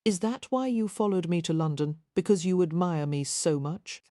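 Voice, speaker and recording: A woman's voice: lowish voice, expressive, normal speed, warm tone, no room sound, studio quality, close to an everyday voice. A woman voicing an eccentric young noblewoman, earnest and blunt, often exasperated, in an audiobook.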